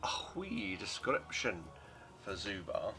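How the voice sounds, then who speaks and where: A man narrates as game master, slow and low-pitched, with many pauses. His speech is relaxed and rambling, and a faint hum sits behind him. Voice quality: relaxed, rambling, lots of fillers.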